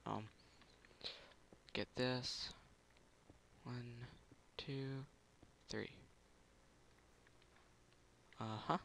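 A man's voice: mid-range voice, gravelly, sharp tone. A man giving casual commentary over a video game, muttering to himself, humming little tunes and bursting into gloating. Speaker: gameplay commentator.

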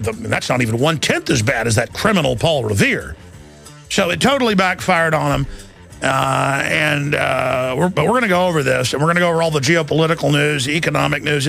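A man hosting a talk radio show, speaking in a rapid, emphatic monologue with frequent restarts. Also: fairly high pitch, animated, creaky, sharp tone, soft background music. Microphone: studio microphone.

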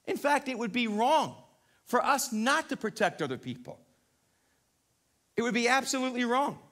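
Pastor, high voice, lively chatty sermon delivery, church service. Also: male voice, normal speed. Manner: animated, conversational, checks in with the crowd. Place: church sanctuary, live broadcast.

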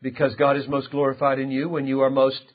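A male pastor preaching a sermon, emphatic and impassioned, swinging between loud and quiet. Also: mid-range voice, completely flat delivery, fast talker. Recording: dull lo-fi sound.

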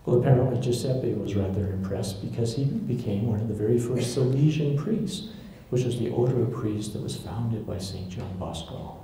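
A man with a deep, mellow, dark-toned voice tells stories to a live audience. He slips into the voices of the people he quotes. His voice rings out in a very echoey hall, with faint noise in the background. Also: animated, moderate pace. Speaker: lecturer on church history. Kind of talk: live storytelling lecture.

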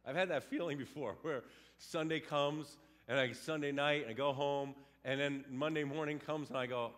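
Male pastor, animated sermon delivery, slightly higher voice. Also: a little fast. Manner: animated, acts out quotes and sounds.

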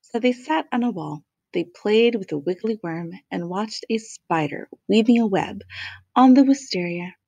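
A woman reading a children's picture book aloud in a measured, expressive way, savoring the alliteration. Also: medium pitch, vocal fry, dry recording. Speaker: storyteller.

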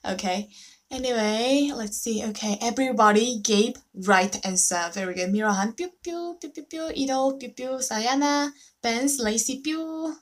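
A Korean woman teaching a live online language lesson, drilling syllables slowly and cheering on her students. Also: fairly high pitch. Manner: slow, drawn-out syllable drills, cheerful praise.

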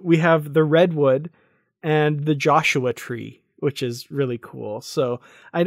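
A man co-hosting a podcast, talking in a relaxed, thoughtful way and laughing easily. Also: a little high, dry recording, studio quality. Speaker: podcast co-host. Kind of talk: casual review chat.

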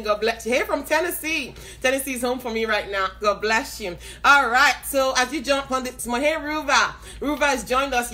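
With a fairly high voice, a woman preacher kicks off her live broadcast by welcoming viewers by name in turn. She's excited and laughs a lot.

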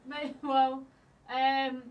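A woman's voice: high-pitched, flat delivery, extremely slow, muffled recording, slight background noise. A woman co-hosting a comedy podcast, telling a story with giggles and hesitant ums. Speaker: podcast co-host. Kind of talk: casual comedy chat, storytelling.

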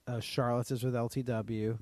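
A man co-hosting a podcast in easygoing casual chat, agreeable and quick to laugh. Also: mid-range voice, flat delivery, a little mellow, no echo. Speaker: podcast co-host.

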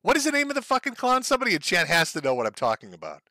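A man's voice: high voice, wildly swooping pitch, rapid-fire, pushed and bright, dry recording. A man hosting a stream, giving mocking commentary over clips and laughing often. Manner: laughs often, sneering and gleeful. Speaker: streamer host.

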